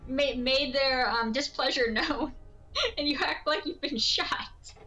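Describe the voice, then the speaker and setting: A woman streamer chats casually while she plays, rambling from one story to the next and laughing often. Her voice is bright and sharp and sits fairly high. She is recorded at a home streaming setup. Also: steady tone, slow pace, a little hiss or hum, low-quality recording. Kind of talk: casual chat while gaming.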